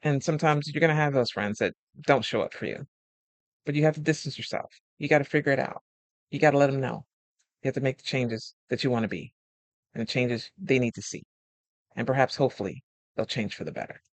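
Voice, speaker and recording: A man's voice: medium pitch, fairly quick, pauses often, no room sound. A man who is a life coach talking casually about friendship, telling stories and acting out the voices of friends, laughing often. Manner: animated storyteller acting out quoted friends. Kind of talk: casual advice monologue.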